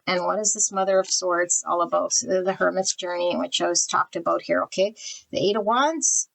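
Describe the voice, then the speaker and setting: A woman with a creaky, fairly bright voice on the low side gives a general pick-a-card tarot reading at a moderate pace. The recording is rough. She's a blunt, spiritual reader who channels energy and names cards while drawing them.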